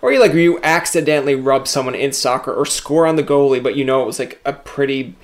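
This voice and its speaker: A young man hosting a casual interview, chatty and animated, acting out quoted voices as he tells stories. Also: medium pitch, quick pace, noisy background. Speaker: podcast host.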